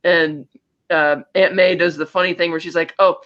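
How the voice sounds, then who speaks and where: A man co-hosting a podcast, casually retelling a film plot in a rambling, animated way. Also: a little high, moderate pace, muffled recording. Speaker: podcast co-host. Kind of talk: casual chat, film recap.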